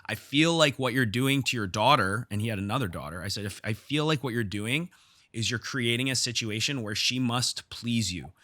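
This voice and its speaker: A podcast host who owns a gym tells a story from it in a casual, heated way, restarting his sentences. His mid-range voice has a sharp tone and moves at normal speed. The recording is studio quality with no room sound.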